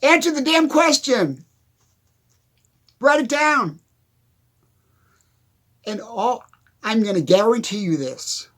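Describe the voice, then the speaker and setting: A man's voice: very high-pitched, expressive, slow, pauses often, fairly bright tone. A man giving an emphatic, repetitive motivational monologue, addressing the listener directly. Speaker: motivational speaker.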